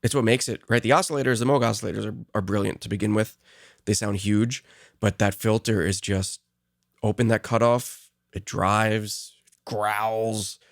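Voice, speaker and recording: A man with a low, gravelly voice co-hosts a podcast in a relaxed, easygoing chat. He sounds admiring and laughs easily, recorded close and dry. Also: dry recording. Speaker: podcast co-host. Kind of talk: casual conversation about synths.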